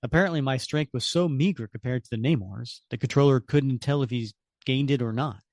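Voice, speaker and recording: A man co-hosting a podcast, recapping a comic and chatting casually, animated and often hedging. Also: mid-range voice, fairly quick, dry recording, studio quality. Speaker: podcast co-host.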